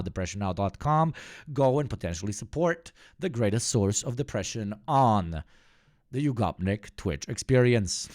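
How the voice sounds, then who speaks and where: A man's voice: fairly low pitch, normal speed, darkish tone. A man hosting a livestream, giving casual, sarcastic and profane commentary. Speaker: livestream host.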